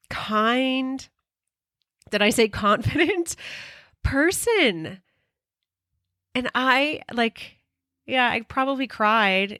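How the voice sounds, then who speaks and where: A middle-aged woman hosts her own podcast and talks through a personal story, earnest and openly emotional, with casual swearing along the way. Her voice sits a little low. The sound is close and dry, with no room echo. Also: a bit bright. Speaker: podcast host.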